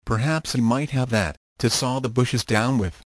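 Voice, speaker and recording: Storybook role: a quiet, steady farmhand, read by a man in a mid-pitched voice, close and dry. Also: normal speed, no echo, lightly acted. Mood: calm. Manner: quiet and matter-of-fact. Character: calm, patient grown farmhand.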